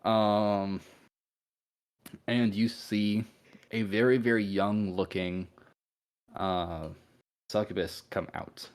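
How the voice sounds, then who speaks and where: A man narrating a tabletop game as game master in an unhurried, easygoing way with fillers. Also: on the low side, fairly even intonation, clean tone.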